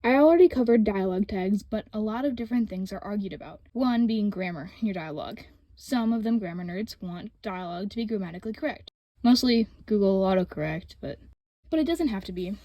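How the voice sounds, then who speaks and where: A woman's voice: mid-range voice, lively intonation, fast, dry recording, muffled recording. A woman hosting a writing-tips video, reading a scripted voice-over in a casual, opinionated, frank way.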